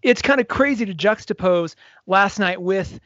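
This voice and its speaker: A man co-hosting a casual podcast chat, animated, often acting out scenes in quoted voices. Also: high-pitched, moderate pace, no room sound, highs cut off. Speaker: podcast co-host.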